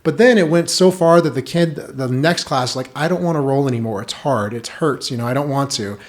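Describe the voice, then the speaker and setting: A man talking as a podcast guest in casual chat, telling lively stories and saying "like" a lot. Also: mid-range voice, fairly quick. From United States. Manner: animated storytelling, heavy use of "like".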